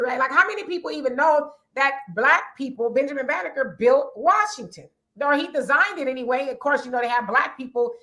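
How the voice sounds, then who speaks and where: A woman with a raspy voice co-hosting a casual livestream chat, reading viewer comments aloud and answering them in a conversational way. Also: high voice, pushed and bright. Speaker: livestream co-host.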